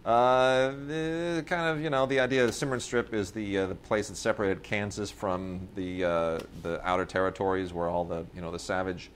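A man with a lowish voice rambles through a casual podcast chat, stacking fillers and restarts as he goes. He sounds like a co-host reviewing releases. A faint hiss sits under the recording. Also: flat delivery, moderate pace, hardly any pauses. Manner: rambling storyteller, many fillers, mimics people in quoted bits.

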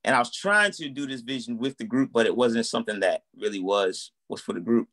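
A man's voice: medium pitch, a little fast. A man in his thirties telling his story in a casual interview, acting out quoted dialogue. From United States. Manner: animated, acts out quoted dialogue. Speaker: guest, musician and minister.

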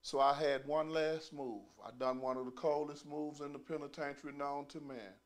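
A middle-aged stand-up comedian with a slightly high voice tells a profane prison story at a moderate pace. He acts out the voices of the people he quotes, keeping things animated.

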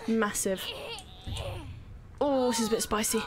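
A woman giving excitable, sweary, self-mocking commentary on her own gameplay as a streamer. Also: fairly high pitch, unhurried, noisy background. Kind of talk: live gaming commentary.

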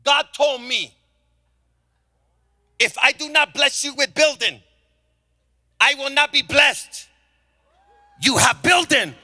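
A pastor playing a loud, gruff middle-aged building owner who barks in broken, clipped English. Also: male voice, extremely high pitch, moderate pace, hardly any pauses, dry recording, clean studio sound, voice pushed up, full character voice. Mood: emphatic.

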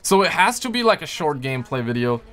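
Bright, slangy young gaming streamer. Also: male voice, on the high side, very animated, fast. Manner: loose, jokey, slangy, lots of "man" and "dude". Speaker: livestream host. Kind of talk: casual livestream chat reading viewer messages. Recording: faint music behind.

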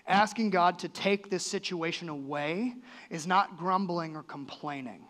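A male pastor with a high-pitched, slightly bright voice preaches in church at a measured pace. He keeps it earnest and conversational, with sudden lifts and drops.

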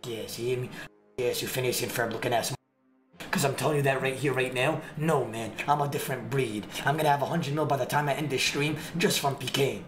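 A man streaming a game, giving excitable, slangy trash-talk commentary with sudden shouts. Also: medium pitch, brisk. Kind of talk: live gameplay commentary. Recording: echoey room with clear background music. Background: background music.

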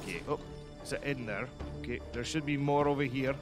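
A man hosting a game stream in casual chat, excitedly exclaiming questions about what he sees. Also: medium pitch, brisk. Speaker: streamer host. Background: game music.

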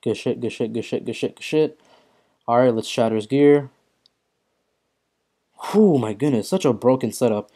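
Here a young man live-streams a mobile game, talking at normal speed in a mid-range voice with long pauses. He's excitable and foul-mouthed, reads viewers' chat aloud, and struggles with hiccups and throat-clearing.

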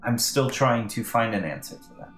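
A man's voice: mid-range voice, lively intonation, normal speed, fairly bright tone, lightly acted. A man voicing a young storm giant queen, female, who talks in a commanding, demanding way. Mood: weary. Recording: echoey room, faint music.

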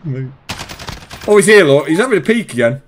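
Excitable laughing gamer man. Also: on the high side, a little fast, slight background noise. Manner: laughing often, excited callouts. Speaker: streamer. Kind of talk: casual gaming chat with duo partner.

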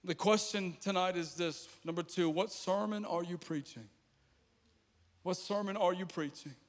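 Man, pastor, high voice, impassioned sermon, hushed asides and loud declarations, stage mic, long church-hall reverb. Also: normal speed. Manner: impassioned, repetitive preaching with dramatic drops to quiet. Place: large church auditorium.

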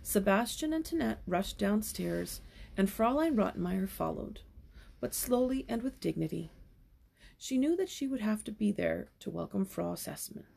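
A young woman reads a children's novel aloud, stopping now and then for casual asides. Her voice is strongly gravelly and a bit husky, with a dark, mellow tone. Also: mid-range voice, lively intonation, moderate pace. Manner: casual asides between passages. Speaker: storyteller.

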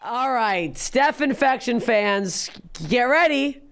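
A Canadian woman hosting a podcast in casual chat, brash and swearing freely, with loud bursts. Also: fairly high pitch, lively intonation, slow pace, faint music behind. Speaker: podcast host.

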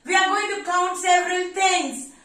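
A woman's voice: very high voice, moderate pace, a bit bright. A woman voicing a cheerful, boastful talking number three in a sing-song manner. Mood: proud, sing-song. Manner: sing-song, proud, coaxing. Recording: echoey room, mic far off.

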